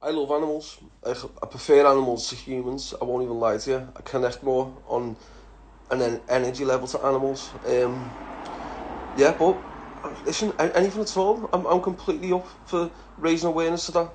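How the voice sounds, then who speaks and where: A medium-pitched, darkish, steady voice moves along fairly quickly over slight background noise. It belongs to an Englishman in his thirties answering followers' questions casually, bluntly, with swearing and frequent use of "lad."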